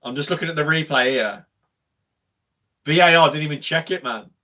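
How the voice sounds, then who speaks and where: A young man with a bright, fairly high voice streams a watch-along of a live football match, chatting loosely with viewers at a normal speed. When play heats up, and especially at goals, he erupts into loud, cheering shouts.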